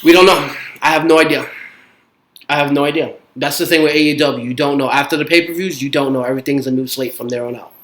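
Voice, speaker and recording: Man, brooklyn accent, tired and low-key, slightly high voice, roomy echo. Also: fairly even intonation, fast talker, fairly bright tone. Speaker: podcast co-host. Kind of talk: casual chat. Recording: echoey room.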